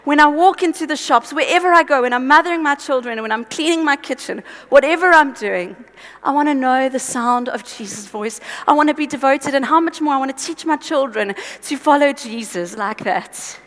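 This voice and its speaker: A high-pitched woman preaches in an earnest, exhorting way, breaking into chatty asides. Her tiring voice rings out with a long echo, as if in a large church hall. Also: a little fast, fairly bright tone. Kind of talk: conversational sermon.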